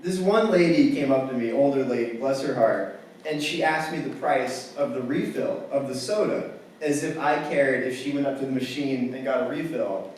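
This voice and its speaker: A man's voice: mid-range voice, moderate pace, a little mellow, slight background noise. A young man doing a stand-up comedy set, telling stories in a wry, casual way with lots of "like". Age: young adult. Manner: casual, wry storytelling with filler "like". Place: campus theater stage before a live audience. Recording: very echoey hall from far off.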